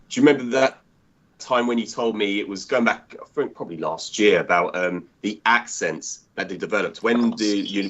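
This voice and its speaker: A man with a fairly low voice co-hosts a casual chat. He talks at length in an earnest, rambling way and keeps circling back with restarts. His audio sounds muffled and lo-fi. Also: fairly bright tone. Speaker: podcast co-host. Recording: dull lo-fi audio.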